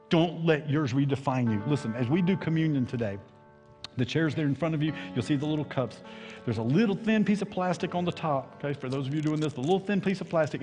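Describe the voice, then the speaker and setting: Impassioned Southern preacher in a reverberant church. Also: male voice, on the high side. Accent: Southern American. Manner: impassioned preaching, swings from loud to hushed. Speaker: pastor. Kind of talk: sermon. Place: church sanctuary. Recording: long hall reverb, faint music.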